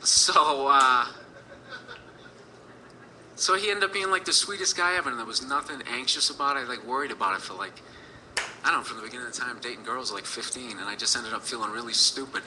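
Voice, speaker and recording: A man's voice: mid-range voice, fairly quick, background noise. A man in his thirties telling a personal story in a rambling, profane way, full of fillers.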